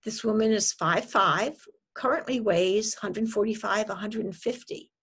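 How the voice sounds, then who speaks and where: A woman dietitian giving a presentation, explaining her method step by step in a measured way with frequent ums. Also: mid-range voice, a bit bright, husky. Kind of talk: presentation to an audience.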